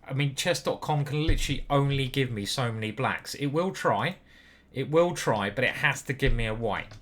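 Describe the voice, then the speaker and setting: A young British man commentating on his own online chess games, playful and profane, switching between loud whoops and muttered asides. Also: medium pitch, normal speed. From Britain. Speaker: chess grandmaster streamer.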